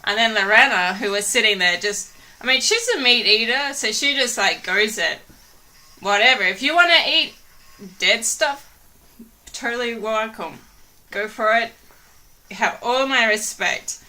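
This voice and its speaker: Vlogger type: bright, sharp-toned woman, chatty and giggly, rambles with lots of "like". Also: a little high, lively intonation, measured pace, pauses often. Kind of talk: casual storytelling.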